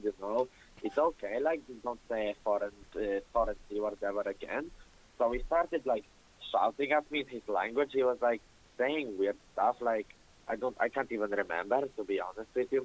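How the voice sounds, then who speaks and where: Pria, bahasa ibu Rusia, penelepon, bahasa Inggris patah-patah, bersemangat, suka mengumpat. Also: male voice, medium pitch, low-quality recording. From Russia. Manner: broken English, excitable, swears, acts out shouting voices. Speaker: caller. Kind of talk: storytelling on a call-in show.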